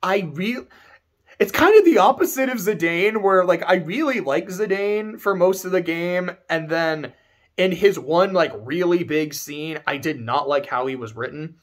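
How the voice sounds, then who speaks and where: A man's voice: high-pitched, lively intonation, moderate pace. A young man giving a casual spoken game review, rambling, correcting himself and swearing casually.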